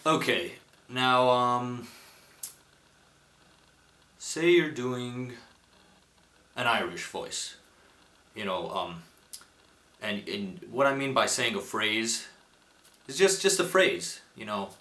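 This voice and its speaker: In an echoey room at home, a young man films himself hosting a casual comedic tutorial, rambling, self-deprecating, and using plenty of fillers. His voice sits on the low side with a sharp tone, moving slowly and pausing often.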